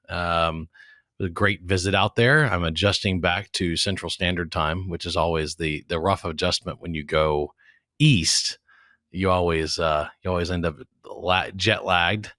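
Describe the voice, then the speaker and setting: A man in his forties hosts a podcast in loose, joking chat, trailing off and restarting his words as he goes. His voice sits very low yet comes across bright and forceful. The sound is dry and close, with no room around it. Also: no echo. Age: 40s. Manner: rambling, jokey, restarts words often. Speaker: podcast host. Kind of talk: casual chat.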